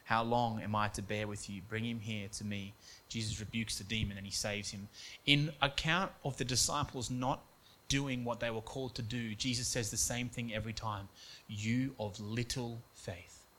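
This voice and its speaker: A man's voice: mid-range voice, a bit bright. Earnest male preacher telling a story. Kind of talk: sermon.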